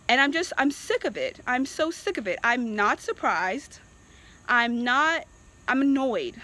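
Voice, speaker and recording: A vlogger from Virginia, USA, delivers an impassioned opinion rant, exasperated and emphatic, repeating herself to drive points home. Her voice is a little high with a sharp tone, and the audio is poor.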